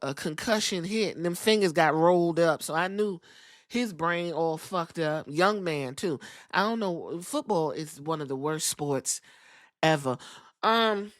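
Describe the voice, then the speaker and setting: A woman hosting a podcast, recapping a show in casual commentary with a blunt, profane, animated delivery. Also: fairly low pitch, dry recording, clean studio sound. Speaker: podcast host.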